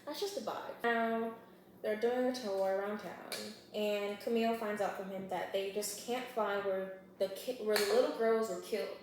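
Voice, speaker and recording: A woman vlogger chattily recapping a book in a slangy, animated way while baking in her home kitchen. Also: medium pitch. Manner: chatty, slangy, animated retelling with quick voiced quotes. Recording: very echoey room with clear background noise.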